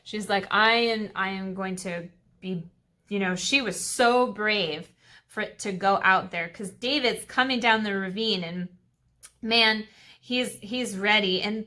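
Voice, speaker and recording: Bright-voiced woman telling a Bible story. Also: medium pitch. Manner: chatty storytelling with fillers and asides. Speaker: Sabbath school teacher. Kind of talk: Bible story lesson for kids.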